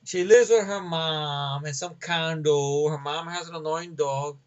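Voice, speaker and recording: Male movie ranter: high voice, rambling and profane, slightly muffled audio. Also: steady tone, unhurried. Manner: rambling, profane, many fillers. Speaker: movie reviewer. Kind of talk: casual movie rant.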